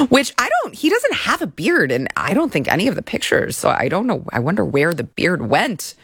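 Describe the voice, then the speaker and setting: A woman's voice: on the low side, wildly swooping pitch, a little fast, hardly any pauses, a bit bright, husky, no echo. Woman host, wry commentary, incredulous asides, dry close mic. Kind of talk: commentary on a court filing.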